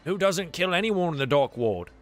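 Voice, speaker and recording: A man's voice: fairly high pitch, animated, moderate pace, faint music behind, natural voice. A man voicing a surly, stubborn male sailor who grumbles and swears. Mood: fed up.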